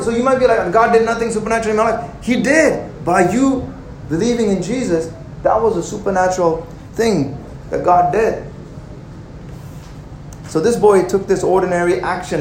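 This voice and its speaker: A young man preaching a sermon, animated and conversational, with jokes and asides to the congregation. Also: sits high, a little hiss or hum. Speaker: pastor. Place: church hall. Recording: roomy hall with faint ambience.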